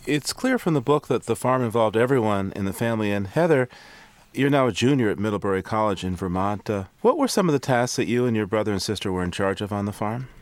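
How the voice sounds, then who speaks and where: A man interviewing guests, asking measured, probing questions. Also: mid-range voice, expressive, no room sound. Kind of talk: broadcast interview.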